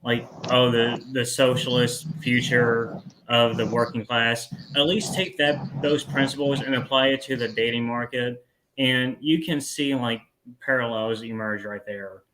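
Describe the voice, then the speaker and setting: A man's voice: mid-range voice, fairly even intonation, measured pace, noisy background. A man hosting a podcast in casual chat, rambling along, laughing easily and tacking "man" onto his sentences. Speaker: podcast host.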